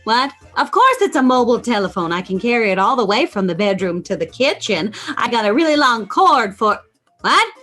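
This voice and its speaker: A woman's voice: fairly high pitch, big pitch swings, fairly quick, a bit bright, faint music behind. A woman playing a giddy, scatterbrained 1950s sitcom housewife, gushing and flustered in a comic bit. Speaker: comic performer at a fundraiser.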